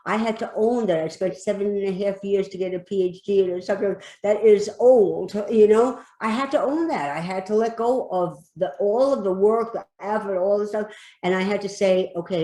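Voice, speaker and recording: On a podcast, a woman speaks as an expert guest, emphatic and hammering her points home by repeating key phrases. Her mid-range voice sounds mellow and relaxed, and the recording has a noticeable room echo.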